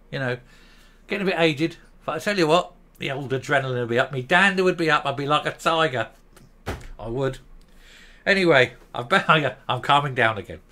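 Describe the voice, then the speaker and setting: Guy in his 50s ranting to camera, sweary, bright sharp voice, raised pitch. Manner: heated, blunt and profane, keeps stopping to calm down. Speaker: commentary channel host. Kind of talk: angry opinion rant to camera.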